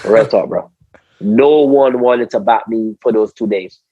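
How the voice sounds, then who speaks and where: Barbadian man, husky voice, animated storyteller, repeats himself, dry slightly dull podcast audio. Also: lowish voice, a little slow, no echo. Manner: animated, repeats words, acts out quotes, says "bro". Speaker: guest, former cricketer. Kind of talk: casual storytelling interview.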